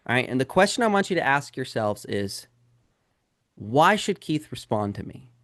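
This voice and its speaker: Calling his listeners "guys," a man leads a live real estate sales webinar, speaking straight to them and peppering them with rhetorical questions. He talks at a normal speed in a mid-range, sing-song, fairly bright voice, in studio quality with no echo.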